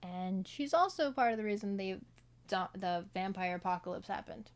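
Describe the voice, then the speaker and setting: A woman's voice: mid-range voice, lively intonation, moderate pace. A woman casually talking through her notes on a film, rambling with lots of fillers and asides. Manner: slips into playful accents when quoting. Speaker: solo vlogger reviewing a film. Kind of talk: casual commentary read from notes.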